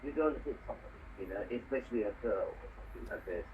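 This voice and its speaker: Speaking rapid-fire in a mid-range voice with lively intonation, a Hong Kong resident earnestly tells a story while chatting casually, frequently tossing in "you know." The audio is distant and muffled, with faint noise behind him.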